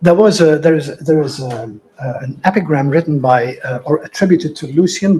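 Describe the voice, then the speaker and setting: A man's voice: fairly high pitch, a little mellow, breathy edge, rough recording. An older man from the Netherlands, Dutch by birth, giving an academic lecture in a digressive way with many fillers and asides.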